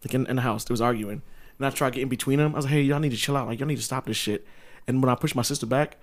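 A man's voice: mid-range voice, very fast. A man co-hosting a podcast in casual chat, using slang and swearing and laughing often. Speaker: podcast co-host.

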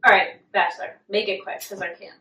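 A woman's voice: mid-range voice, level tone, a little fast, pushed and bright, far from the mic. A young woman co-hosting a podcast, chatting casually with playful, joking asides. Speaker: podcast co-host. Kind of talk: casual chat. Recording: echoey room, voice a bit off-mic.

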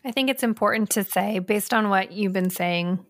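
Earnest mom talking parenting boundaries. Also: female voice, mid-range voice, normal speed. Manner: earnest, speaks in lists with repeated phrases. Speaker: podcast co-host. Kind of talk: casual parenting podcast chat.

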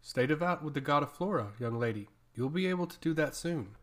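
Cutting proud priestess lady read by a guy, kinda high voice, audiobook. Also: animated, brisk, a bit bright. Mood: formal. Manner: curt and cutting. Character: proud powerful woman priestess, sharp-tongued. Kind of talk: audiobook character reading.

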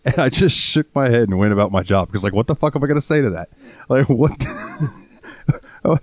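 A man's voice: medium pitch, expressive, a little fast, no echo. A young man co-hosting a casual podcast, telling stories with plenty of swearing and laughter. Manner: storytelling, swears freely, laughs often. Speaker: podcast co-host. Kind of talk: casual chat.

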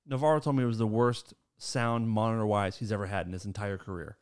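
A man hosting a casual chat, telling stories in an animated way and laughing between sentences. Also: fairly low pitch, quick pace, smooth. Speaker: podcast host.

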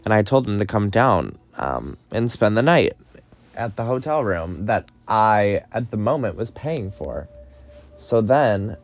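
A man's voice: fairly low pitch, very animated, unhurried, lo-fi sound. A young man telling a story in a casual, gossipy way, swearing and dramatic. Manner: gossipy, profane, dramatic retelling. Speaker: podcast host.

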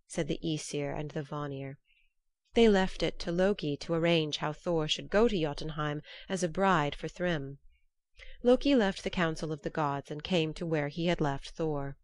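A woman narrating a storybook myth in a measured, formal way. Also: low voice, no room sound.

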